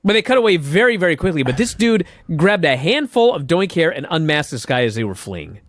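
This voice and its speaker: A man's voice: a little high, very animated, a little fast, no room sound. A man co-hosting a casual podcast, animatedly retelling events with laughs and the odd swear. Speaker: podcast co-host. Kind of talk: casual chat recapping wrestling.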